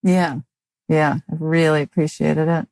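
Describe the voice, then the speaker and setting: A woman in her fifties with a notably low voice speaks with a dry, halting delivery, stopping and restarting her sentences. She chats casually as a guest comedian in an interview. The sound is dry and close, with no room around it. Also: level tone, a little mellow, no echo. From Mississippi, US.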